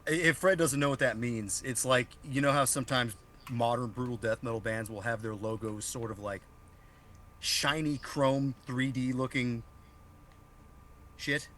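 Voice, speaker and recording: Laid-back joking man, mid pitch. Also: measured pace, fairly bright tone, slight background noise. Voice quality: laughs often, restarts sentences. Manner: loose and joking, swears freely. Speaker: podcast co-host. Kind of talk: casual chat.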